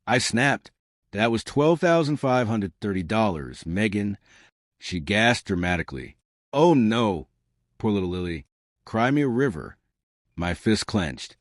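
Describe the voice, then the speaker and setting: Male narrator, low voice, lively delivery, dry close sound, first-person story. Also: dry recording. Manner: reads all characters' dialogue in a mostly plain voice.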